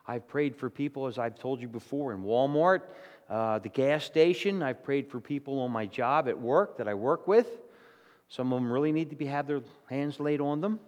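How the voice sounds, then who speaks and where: A man's voice: medium pitch, normal speed, a little mellow, in a large hall. A man preaching a sermon to his congregation, talking conversationally and often checking in with "okay?" and "all right?". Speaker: pastor. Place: church hall with congregation.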